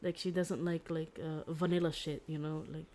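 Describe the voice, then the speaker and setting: A young woman streaming from home, casually retelling a story in a rambling, excitable way, with lots of "like" and restarts. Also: deep voice, moderate pace. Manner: giggly, excitable.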